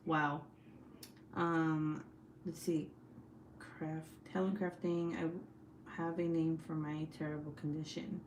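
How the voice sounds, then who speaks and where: A woman in her thirties hosting a casual livestream from home while crafting. She tells stories in an animated way, swears freely and laughs often. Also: sits low, slight background noise. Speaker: livestream host.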